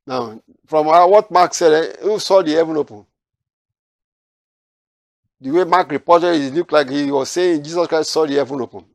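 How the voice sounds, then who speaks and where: A man's voice: medium pitch, normal speed, dry recording, clean studio sound. A man teaching a Bible study, reading verses aloud and then explaining them, with frequent restarts.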